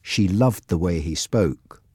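A narrator reading a simple storybook in a clear, measured way. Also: low voice, lively intonation, warm tone, no room sound, studio quality. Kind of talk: graded-reader audiobook narration.

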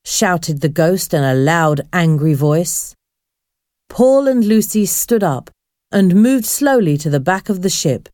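A woman narrating a storybook in a clear, expressive reading voice. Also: on the low side, measured pace, no room sound, clean studio sound.

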